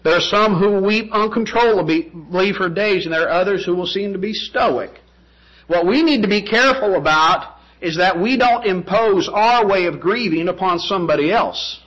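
A man's voice: high-pitched, normal speed, fairly bright tone, low-quality recording. A man preaching a sermon, emphatic, with rhetorical questions and repeated phrases.

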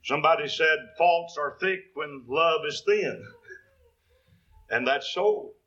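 A man's voice: fairly high pitch, slow, sharp tone, dull audio. A man preaching a sermon, quoting scripture in King James wording and building to emphatic peaks.

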